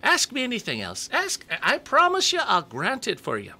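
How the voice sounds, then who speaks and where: A man voicing a feisty old male leprechaun in a high, squeaky voice, telling a joke on the radio. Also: wildly swooping pitch, normal speed, pushed and bright, heavily acted. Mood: insistent.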